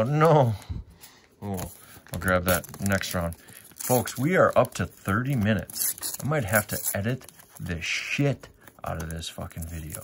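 A low, gravelly-voiced man drawls through a casual sticker pack-opening vlog, cursing at bad pulls and chatting to his viewers. Wrappers crinkle faintly behind him. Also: background noise. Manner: swears often, grumbles at bad pulls, talks to viewers. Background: wrappers crinkling, faint clicks.

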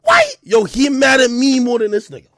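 A man giving loud, laughing reaction commentary, swinging from shouts to low mutters. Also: wildly swooping pitch, fairly quick, no room sound, clean studio sound. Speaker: hip hop commentary streamer.

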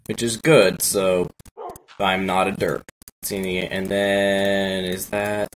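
A man's voice: sits low, little pitch movement, slow, a little hiss or hum, poor audio. A man hosting a let's play, chatting casually and thinking aloud as he builds. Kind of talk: casual gameplay chat.

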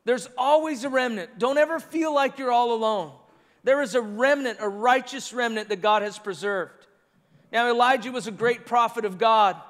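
A pastor with a very high, fairly bright voice preaches a sermon at normal speed. His delivery is earnest and his phrasing repetitive, and the large church hall gives a long reverb to the sanctuary recording.

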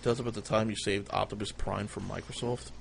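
A man's voice: fairly low pitch, little pitch movement, fast talker, vocal fry, background noise. A man hosting a livestream, telling crude comic tall tales in a rambling, swearing style. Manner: rambling, swears a lot, jumps into loud quoted voices. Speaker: livestream storyteller, host.

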